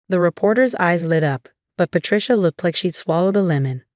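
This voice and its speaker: A woman reading a first-person revenge story in an even, measured narration. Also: fairly low pitch, no room sound, clean studio sound.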